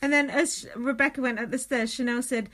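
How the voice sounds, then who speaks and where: A woman's voice: high-pitched, fairly even intonation, brisk, a bit bright. A woman co-hosting a podcast, chatting casually, giggly and blunt, swearing freely. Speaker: podcast co-host. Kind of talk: casual chat.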